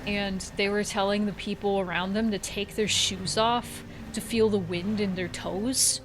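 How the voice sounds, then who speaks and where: A woman's voice: mid-range voice, fairly even intonation, unhurried, hardly any pauses, noisy background. A woman in her thirties from Central Florida, telling rambling stories with some swearing as she plays a game. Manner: rambling storyteller, swears, laughs at herself. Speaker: gaming streamer. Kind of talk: casual gameplay commentary.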